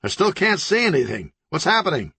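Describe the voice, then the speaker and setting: A clueless ninja agent in a crime comedy audiobook, voiced high and whiny by a man. He fires off anxious, baffled questions, and his voice sits well above the reader's own. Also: big pitch swings, fairly quick, pushed and bright, breathy edge, no echo, full character voice. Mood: confused. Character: bumbling male ninja agent, blind in goggles.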